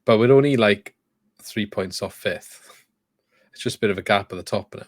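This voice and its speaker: A man hosting a football podcast, chatting casually in loose, relaxed sentences. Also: on the low side, normal speed, dry recording, studio quality. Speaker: podcast host.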